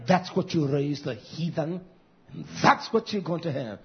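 Male preacher with a high voice, fiery and scolding, muffled lo-fi sound. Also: lively intonation, moderate pace. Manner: fiery, scolding, swings between shouted and hushed lines. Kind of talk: fiery sermon. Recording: dull lo-fi recording.

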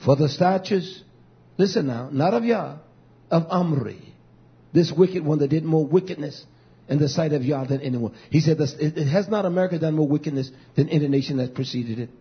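Husky, high-pitched preacher man. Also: a little fast. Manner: swings from shouting to low muttering. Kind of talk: fiery street-style sermon. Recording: dull lo-fi recording.

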